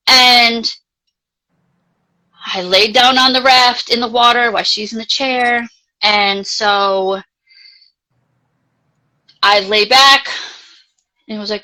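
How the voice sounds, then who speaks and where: A woman life coach, a guest in a live interview, telling a personal story in a chatty, animated way, full of "like" and casual swearing. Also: fairly high pitch, slow pace, pauses often, low-quality recording. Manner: chatty, animated, frequent filler "like", casually profane.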